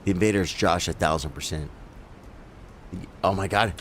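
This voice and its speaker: A man streaming live gameplay, chatting casually and breaking into loud, excited yelps during fights. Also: low voice, moderate pace, slight background noise. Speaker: game streamer.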